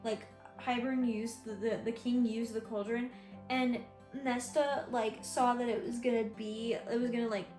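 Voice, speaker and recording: A woman talking casually in a reading vlog, chatty and excitable, with many fillers and restarts. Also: a little high, moderate pace. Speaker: book vlogger. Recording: roomy echo with faint music.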